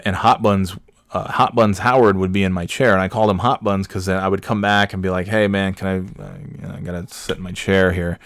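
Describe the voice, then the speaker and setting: A man with a fairly low voice tells a long, meandering story from his office days, swearing freely and tripping over fillers. He grows more worked up as the tale goes on. The sound is dry and close, with no room around it. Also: smooth, no echo. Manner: rambling, profane, filler-heavy, growing exasperated. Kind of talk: casual anecdotal monologue.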